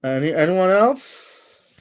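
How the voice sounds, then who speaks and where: A man's voice: sits high, big pitch swings, slow pace. A man hosting a casual livestream, talking to his chat with lots of fillers and scolding trolls. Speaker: livestream host.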